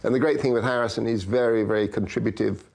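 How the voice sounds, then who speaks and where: A man's voice: fairly low pitch, fast talker, gravelly. Older man telling stunt stories. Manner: lively storyteller, acts out quoted dialogue. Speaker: stunt coordinator guest. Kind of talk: anecdotal interview storytelling.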